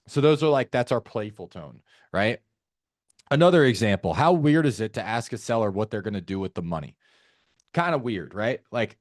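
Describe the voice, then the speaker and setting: A man coaching a live audience on sales calls, energetic and acting out both sides of calls in shifting tones. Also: on the low side, fairly quick, no echo, clean studio sound.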